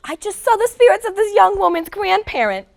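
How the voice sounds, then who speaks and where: A woman playing a scatterbrained fake psychic who guesses hesitantly, with fillers and throat clearing, in a comedy sketch. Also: very high-pitched, sing-song, a little fast, heavily acted. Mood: flustered. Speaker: guest psychic.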